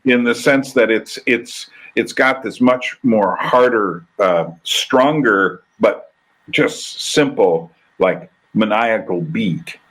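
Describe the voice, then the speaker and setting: A man's voice: fairly low pitch, lively intonation, slow pace, a bit bright, poor audio. A man hosting a casual conversation, talking in a rambling, thoughtful way and often restarting his sentences. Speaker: podcast host. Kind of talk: casual conversation reacting to a video.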